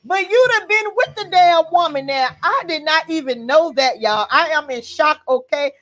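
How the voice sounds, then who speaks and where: A woman with a very high voice hosts a casual gossip livestream. She is sassy and dramatic, and she keeps relaying what her caller says back to her viewers. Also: animated, moderate pace, fairly bright tone. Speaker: gossip show host.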